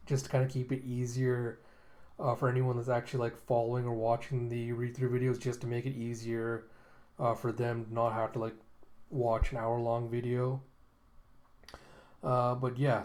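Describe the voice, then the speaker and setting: A man's voice: medium pitch, darkish tone. Casting: easygoing man narrating comic panels, loose and chatty, plenty of "uh" and "like". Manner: rambling, many fillers and chuckles. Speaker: manga readthrough host. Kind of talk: casual reading commentary.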